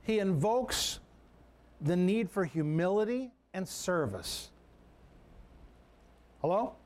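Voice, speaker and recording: A man's voice: high-pitched, lively intonation, slow, a little mellow. A man preaching a sermon as a pastor, in a conversational way, often repeating words and restarting sentences.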